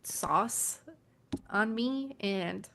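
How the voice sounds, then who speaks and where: A woman's voice: medium pitch, drawn-out words, creaky, fairly bright tone. A woman journalist co-hosting a casual motorsport podcast, matter-of-fact, reading out notes and race figures. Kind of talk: casual chat.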